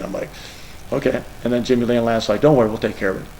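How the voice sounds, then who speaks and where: A man's voice: medium pitch, fairly even intonation, racing, dark tone, slight background noise, low-quality recording. A middle-aged man, a college football coach, answering press questions in an emotional, rambling way. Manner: emotional, rambling, tearful at times.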